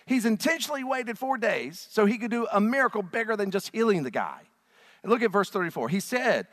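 A man preaching a sermon, swinging from hushed, low lines to loud, shouted ones. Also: sing-song, brisk. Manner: dramatic swings from quiet to shouting. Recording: long hall reverb.

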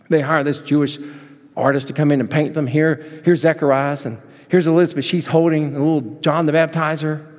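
Preacher guy telling a bible story all animated, kinda high voice, big echoey church. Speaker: pastor. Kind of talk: sermon.

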